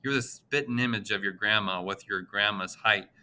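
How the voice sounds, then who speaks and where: This audiobook character voice is a man's take on a small, nasal, older male pharmacist who chats in a friendly, gossipy way. The voice is fairly low, smooth, pushed and bright, and moves at a moderate pace.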